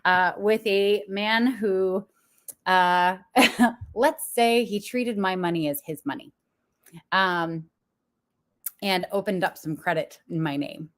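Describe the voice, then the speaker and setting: A woman's voice: medium pitch, slow pace, pauses often, fairly bright tone. A young adult woman, a business coach, talking frankly and confessionally to viewers with frequent laughs. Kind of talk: candid motivational talk to viewers.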